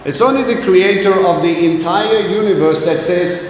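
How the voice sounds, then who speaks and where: A man's voice: high voice, moderate pace, slight background noise. A man preaching an informal sermon to a congregation, chatty and joking, often putting questions directly to the audience. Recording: echoey hall, distant mic, faint ambience.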